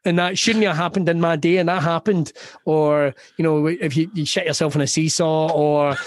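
A Scottish comedian in his forties talks in loose, rambling bursts, swearing freely and laughing through his own stories. His voice sits a little high for a man. The sound is close and completely dry. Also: steady tone, normal speed, no room sound. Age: 40s. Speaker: comedian guest. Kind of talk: casual podcast chat.

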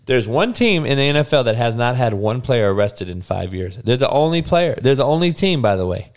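A man's voice: medium pitch, very animated, fairly quick. A man hosting a sports podcast, ranting bluntly and profanely while talking back to his live chat. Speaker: podcast host. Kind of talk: casual sports rant.

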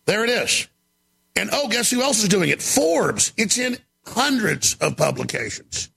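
Man, talk show host, ranting monologue, raspy, slightly high voice. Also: sing-song, measured pace. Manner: gravelly, shouting, emphatic rants.

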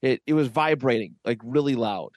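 A man co-hosting a podcast, telling stories in a rambling, animated way with lots of restarts. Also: mid-range voice, normal speed, no room sound. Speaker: podcast co-host. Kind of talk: casual chat.

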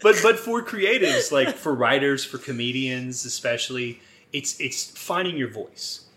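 A man's voice: medium pitch, animated, measured pace, fairly bright tone. A man co-hosting a podcast in a casual chat, laid-back, swearing freely and often laughing as he talks. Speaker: podcast co-host.

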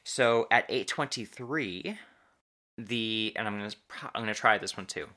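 Podcast host, male, low and bright, casual storyteller who slows down to stress key words. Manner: halting, restarts and stretched emphasis on key words.

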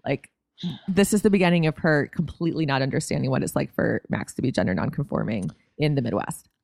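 A woman's voice: extremely low pitch, quick pace, vocal fry, darkish tone, no room sound, studio quality. A woman co-hosting a podcast, recapping a TV episode in casual, wry chat. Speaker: podcast co-host.

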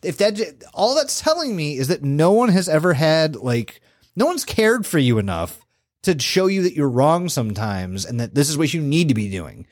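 Male podcast co-host, lively pitch, swears a lot, dry close sound. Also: moderate pace, no echo. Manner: profane, animated storytelling. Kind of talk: casual podcast chat.

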